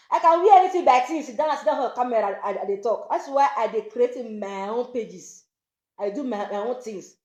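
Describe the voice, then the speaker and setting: A woman's voice: fairly high pitch, darkish tone, roomy sound, highs cut off. A Nigerian woman, a social media presenter talking to camera, pleading and scolding again and again.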